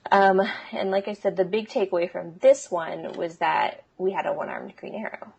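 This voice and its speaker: A woman's voice: mid-range voice, normal speed, gravelly, a little mellow, husky, lo-fi sound. A woman co-hosting a podcast, explaining in a casual, chatty way with frequent ums and small laughs. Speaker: podcast co-host. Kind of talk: casual chat.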